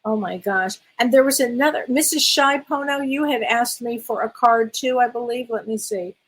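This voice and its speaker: A woman's voice: fairly high pitch, moderate pace, breathy edge, poor audio. A middle-aged woman, a spiritual medium, hosts a casual live-stream question session, reading viewers' comments aloud and calling them honey. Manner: warm, affectionate, calls viewers honey, reads out comments.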